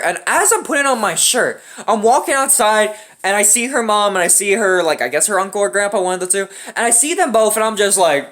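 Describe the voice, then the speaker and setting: A man's voice: sits high, fairly bright tone. A young man telling a story from his own life in a casual, profane, wry way.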